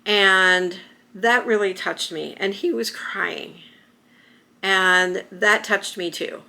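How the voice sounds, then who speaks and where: A woman's voice: mid-range voice, slow, gravelly, pushed and bright. A middle-aged woman vlogging to camera, telling a personal story in a rambling, emotional way with many restarts. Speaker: YouTuber.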